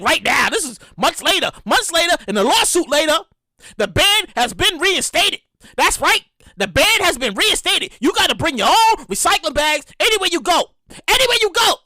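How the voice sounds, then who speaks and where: A young woman runs her own podcast with a loud, animated delivery, swearing and acting out scenes as she goes. Her voice sits high and bright and jumps all over her range. The sound is dry and close. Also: fairly quick, no room sound. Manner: animated, loud, swearing, acts out customers and cashiers. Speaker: podcast host. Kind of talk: casual solo podcast commentary.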